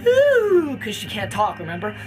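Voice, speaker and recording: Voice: medium pitch, moderate pace, over music, low-quality recording. A casual movie reviewer retelling a plot in a rambling way, full of fillers and restarts.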